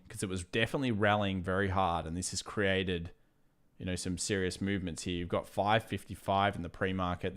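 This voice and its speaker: Male stream host, low smooth voice, loose and chatty with sudden heated tangents on market commentary. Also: a bit bright. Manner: casual, chatty, drifts into fired-up rants. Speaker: trading livestream host. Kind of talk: live market chart commentary.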